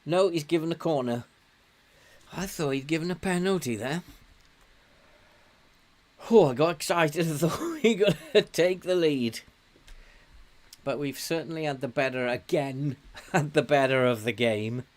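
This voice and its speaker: A man's voice: on the high side, measured pace, long pauses. An older man from England giving casual commentary while playing a football management game, chatty and laughing often, cheering his team on. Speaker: game streamer.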